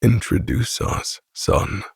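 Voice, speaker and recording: A menacing, wealthy father speaks in a flat, calm monotone, as a man reading a romance audiobook puts him on. His voice sits very low and is thick with gravel. The delivery is dry and close. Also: a little slow, dry recording, exaggerated voice. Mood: cold, menacing. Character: cold, controlling older father, wealthy.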